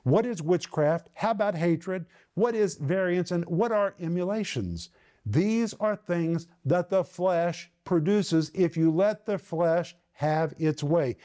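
High, dark-toned man teaching the Bible. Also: lively intonation, slow pace. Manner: earnest, emphatic, asks rhetorical questions.

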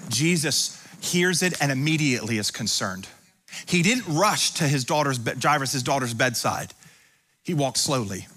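Male pastor, sermon, high voice, lively preaching, jokes with congregation. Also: slightly rough. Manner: preaching with rising intensity and repetition; humorous asides to the congregation. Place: church sanctuary.

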